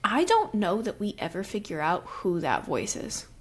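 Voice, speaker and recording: A woman's voice: mid-range voice, huge pitch swings, moderate pace, a little hiss or hum. A young adult woman co-hosting a podcast, recapping a novel in casual chat and loosely filling gaps with "um" and "like". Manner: recaps the plot loosely, with many fillers like "um" and "like". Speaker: podcast co-host. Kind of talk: casual book-discussion chat.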